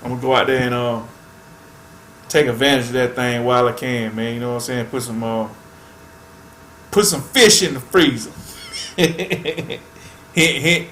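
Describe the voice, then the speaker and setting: A man's voice: mid-range voice, fairly bright tone, echoey room, slight background noise. A man hosting a fishing channel, chatting casually to viewers in a laid-back way and tacking "man" onto nearly every phrase.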